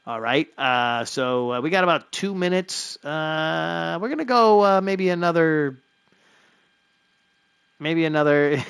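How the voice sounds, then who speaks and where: Man, live streamer, casual rambling chat, filler-heavy, slightly high voice, dry close recording. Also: fairly bright tone, no room sound. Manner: loose and rambling, with frequent fillers and chuckles. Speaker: streamer running a live baseball franchise game.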